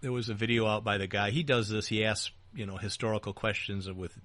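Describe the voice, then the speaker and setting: A man's voice: on the low side, steady tone, brisk, fairly bright tone. A man co-hosting a casual political talk show, joking and teasing his partner, with frequent fillers and restarts. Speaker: podcast co-host. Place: small back-room studio.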